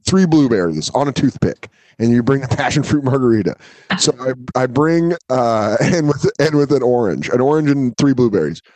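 A man tells a long, animated story on a casual podcast. He swears freely and drops into quick impressions of the people he describes. His voice sits in a middle register, and the recording is dry and close. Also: medium pitch, dry recording. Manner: profane, animated, acts out the people in his stories. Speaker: podcast co-host, comedian.

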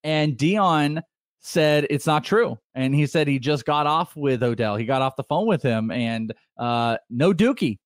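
A man co-hosting a sports talk show, laughing often and halting with fillers as he tells stories. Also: fairly high pitch, no room sound, clean studio sound. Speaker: sports radio host. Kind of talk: casual sports talk banter.

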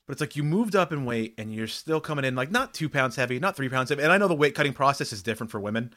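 A man co-hosting a sports talk show, explaining his views in a measured, conversational way. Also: medium pitch, expressive, fairly bright tone. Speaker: sports talk radio co-host.

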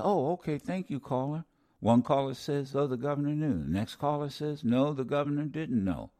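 A man hosting a call-in radio talk show who challenges and scolds callers, his voice rising as he gets worked up. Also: medium pitch. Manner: lively, interrupts and scolds callers, voice rising when angry.

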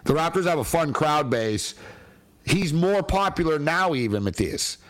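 A man's voice: fairly high pitch, expressive, a little slow, a bit bright. A man hosting a casual sports talk show, chatty and slangy, laughing often between points.

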